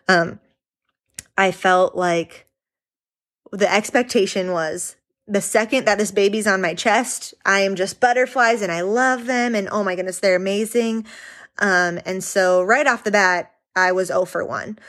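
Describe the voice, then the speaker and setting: A woman's voice: medium pitch, a bit bright. A young adult woman telling other mothers, earnestly and candidly, about her own hard first year as a mom, with many fillers and restarts. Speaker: mom sharing her experience. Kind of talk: personal talk to the camera.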